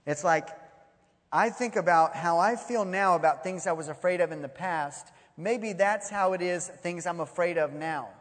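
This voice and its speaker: A man preaching a sermon, telling stories in an animated way and acting out the voices. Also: sits high, normal speed. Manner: animated storytelling, acts out voices. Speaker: pastor. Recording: long hall reverb.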